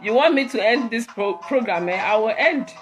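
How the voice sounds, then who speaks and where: A woman's voice: fairly high pitch, lively intonation, normal speed, music in the background. A woman, hosting an emotional live talk to her viewers, rambling and repeating herself as she switches between English and Twi. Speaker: online host talking to viewers.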